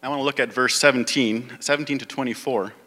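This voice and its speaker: Bright-voiced preacher man in reverberant hall. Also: medium pitch, fairly even intonation, fast talker. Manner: reads scripture then preaches, growing more emphatic. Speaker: pastor. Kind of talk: sermon.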